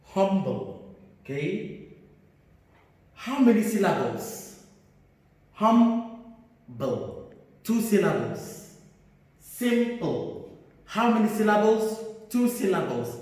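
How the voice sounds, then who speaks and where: A man's voice: sits high, a little mellow. A man teaching an English grammar lesson, repeating words and answering his own questions. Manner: slow, repetitive, asks and answers own questions. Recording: echoey hall, mic far off.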